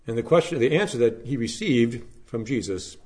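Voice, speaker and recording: Delivering a Good Friday message, this male pastor reads from scripture before moving into earnest, measured preaching full of dramatic swells and quiet dips. He speaks in an expressive, mid-range voice.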